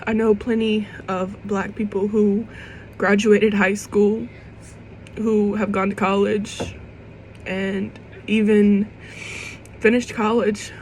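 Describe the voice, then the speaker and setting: A young woman in her vlog speaks with a mid-pitched voice, earnest and halting. She keeps restarting and swears casually as she fights back tears. A faint hiss sits behind her voice. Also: level tone, a little mellow, low-quality recording. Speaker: vlogger. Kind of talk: emotional personal monologue to camera.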